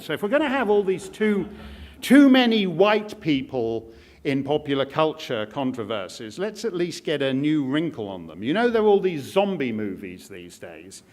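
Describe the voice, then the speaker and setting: Sardonic guy giving a talk to a crowd, high voice that jumps around a lot. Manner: wry, sardonic, jokey asides. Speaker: speaker addressing an audience. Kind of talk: speech to a live audience.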